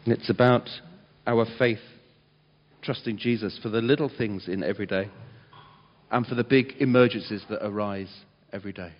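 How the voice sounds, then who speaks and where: Male preacher, animated storyteller, muffled recording with long hall reverb. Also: on the low side, moderate pace. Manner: animated storyteller, dramatizes quotes loudly. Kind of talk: sermon.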